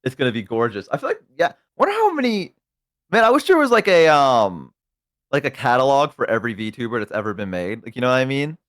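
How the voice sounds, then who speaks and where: A man's voice: mid-range voice, big pitch swings, quick pace, fairly bright tone, dry recording, clean studio sound. A man in his twenties, a guest streamer, chatting casually in a laid-back, self-deprecating, rambling way. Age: 20s. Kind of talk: casual chat on a livestream.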